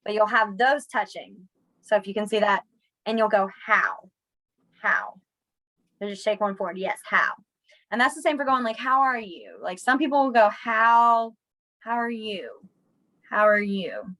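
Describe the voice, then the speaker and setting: A woman's voice: mid-range voice, unhurried, pauses often, poor audio. A young woman, teaching a casual sign language class in a chatty, self-deprecating way. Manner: chatty, self-deprecating, animated when students try signs. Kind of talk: casual online class instruction.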